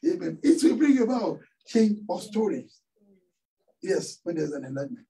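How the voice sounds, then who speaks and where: Speaking with a Nigerian accent, this middle-aged pastor from Nigeria delivers a church sermon and invites the congregation to complete his lines through call-and-response questions. His high, gravelly voice is warm and very animated, moving at a moderate pace, and it comes across a bit far from the microphone.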